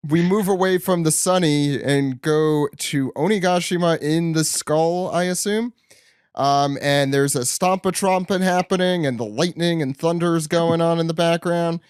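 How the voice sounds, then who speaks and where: A man with a slightly high voice, co-hosting a comic podcast in loose, joking chat. He laughs a lot and slips into goofy voices. The sound is dry and close to the mic. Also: unhurried, smooth, no echo. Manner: joking, laughs often, drops into silly voices. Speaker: podcast co-host. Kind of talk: casual chat about a manga chapter.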